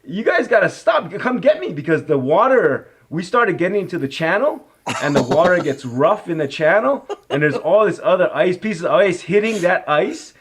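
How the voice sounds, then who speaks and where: Rambling fifties actor telling stories. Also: male voice, a little high, normal speed, hardly any pauses, slightly rough. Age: 50s. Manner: rambling, lots of "you know" and "like", animated when reliving a story. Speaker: actor, interview guest. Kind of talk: casual interview storytelling.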